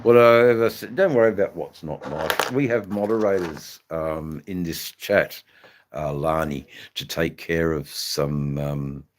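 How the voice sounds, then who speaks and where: A Western Australian man hosting a casual motorcycle live stream, rambling and halting with many fillers. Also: very deep voice, slight background noise. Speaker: motorcycle channel host. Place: indoors in front of a flag backdrop. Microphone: phone.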